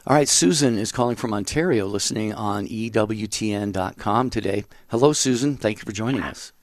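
A man's voice: lowish voice, brisk, no room sound. A man hosting a religious call-in radio show, thanking callers and leading into breaks. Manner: warm, steady, takes calls and reads out the phone number.

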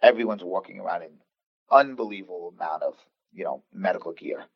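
Deep gravelly man telling his story. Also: no echo. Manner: earnest, halting, with restarts and quoted dialogue. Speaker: basketball coach guest. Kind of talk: personal storytelling in a podcast interview. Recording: dull lo-fi sound.

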